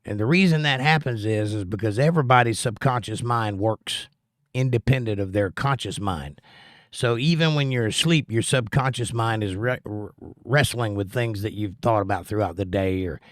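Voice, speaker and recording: Recorded at studio quality without echo, a middle-aged American man with a lowish voice speaks at a moderate pace. He hosts a livestream, earnestly and plainly chatting with viewers and giving Bible teaching.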